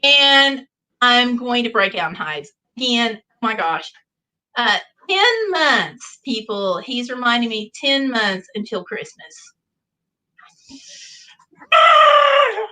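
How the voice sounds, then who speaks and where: A middle-aged American woman hosts a laid-back livestream chat, reading viewers' comments aloud and playfully telling corny jokes. Her voice runs on the high side, sing-song and sharp, at a slow pace. The audio is poor.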